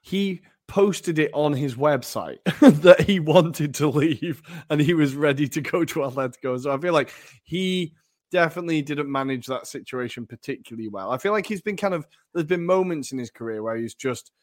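A man's voice: on the high side, moderate pace, no echo. Male podcast co-host, casual football talk, dry close sound, hedgy and chatty. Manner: chatty, hedging with fillers and frequent laughs.

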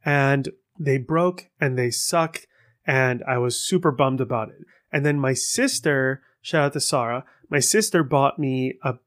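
A man hosting a casual solo podcast, rambling and swearing as he tells stories in an animated way. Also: mid-range voice. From Persian heritage. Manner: rambling, profane, animated storytelling. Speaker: podcast host.

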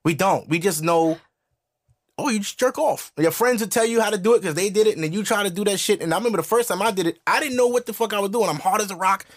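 A man hosting a podcast, ranting in casual comedic style, animated and profane. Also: high-pitched, very fast, few pauses. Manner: animated, profane storytelling with voiced asides. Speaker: podcast host.

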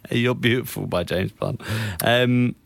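A man hosting a casual interview chat, affable and quick to agree. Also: mid-range voice, vocal fry, dry recording. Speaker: podcast host.

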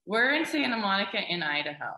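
Bright-voiced chatty woman host, echoey. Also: medium pitch, big pitch swings. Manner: chatty, quick to agree. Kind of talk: casual conversation. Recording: echoey room.

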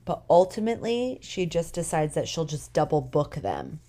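A woman co-hosting a podcast, recapping a TV episode in a casual, animated way with emphatic opinions; she is tired. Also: low-pitched, normal speed. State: tired, yawning. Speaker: podcast co-host.

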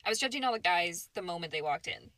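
A woman's voice: fairly low pitch, lively intonation, fast talker, fairly bright tone, no room sound. A woman co-hosting a podcast, giggling and gushing about contestants on a dating show. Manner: giggly, gushing, filler-heavy. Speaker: podcast co-host. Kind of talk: casual chat about a reality show.

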